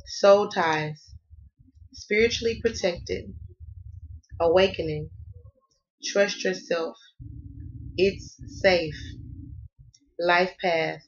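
A woman's voice: on the low side, extremely slow, long pauses, muffled recording. A woman from the American South doing a casual tarot reading, sassy and playful and cussing freely. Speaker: tarot reader.

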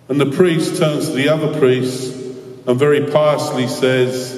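A man's voice: a little high, a little slow, a little mellow. Earnest man in an echoing hall. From London, England. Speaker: guest speaker. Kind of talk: inspirational talk with storytelling. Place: large school assembly hall. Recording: echoey hall from far off.

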